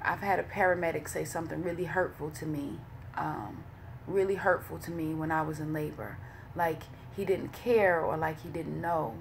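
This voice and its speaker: Woman, lowish voice, candid, swears freely, full of um, faint background hiss. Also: fairly even intonation, normal speed, gravelly. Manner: candid, emotional, profane, many fillers. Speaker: vlogger leading a women's wellness study. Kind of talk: casual spoken commentary.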